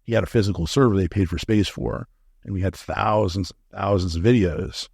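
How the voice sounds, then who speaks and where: A middle-aged man talks candidly in an interview, swearing freely and acting out the lines of the people in his story. His voice sits low and crackles with fry. The sound is dry and close. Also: moderate pace, darkish tone, dry recording. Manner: candid, profane, acts out quoted dialogue. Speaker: guest, supplement company founder.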